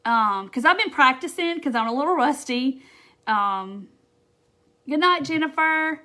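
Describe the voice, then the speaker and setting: A woman's voice: high-pitched, animated, unhurried, pushed and bright. Bubbly woman chatting on a craft stream. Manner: chatty and bubbly, with frequent fillers and quoted asides. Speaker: craft live-stream host. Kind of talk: casual live-stream chat, reading viewer comments.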